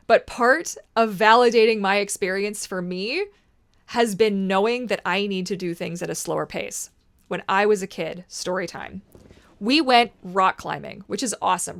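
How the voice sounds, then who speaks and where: A woman in her thirties talking casually to camera as a vlogger, animated and emphatic, swearing freely and arguing back at herself. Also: medium pitch. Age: 30s.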